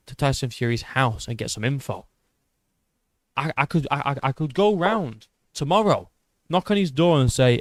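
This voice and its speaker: A man in his twenties with a British accent, hosting an MMA channel and reading viewer comments in a casual livestream chat. He swears often, restarts his sentences and argues with a rough edge. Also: mid-range voice, normal speed, dry recording, studio quality. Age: 20s. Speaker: YouTube MMA channel host.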